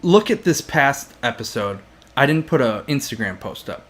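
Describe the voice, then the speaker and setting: A man's voice: medium pitch, lively intonation, normal speed. A young man co-hosting a casual podcast, chatting and teasing his viewers. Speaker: podcast co-host. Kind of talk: casual chat.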